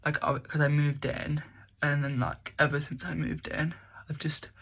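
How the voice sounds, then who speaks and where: A woman's voice: low-pitched, level tone, moderate pace, breathy edge, lo-fi sound. A young woman, chatting casually through a makeup tutorial in her bedroom, rambling and poking fun at herself. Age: young adult. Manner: rambling, chatty, self-mocking. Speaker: makeup vlogger.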